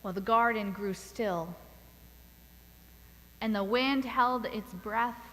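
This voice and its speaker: A woman pastor preaching a sermon in a church, telling a story in a deliberate, measured way. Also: fairly high pitch, a bit bright, big-room sound, poor audio. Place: church sanctuary.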